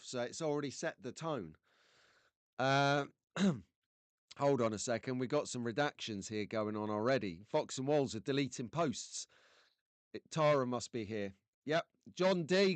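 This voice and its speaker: A man's voice: medium pitch, no room sound. A man from England hosting a casual live stream, chatty and jokey, greeting viewers by name.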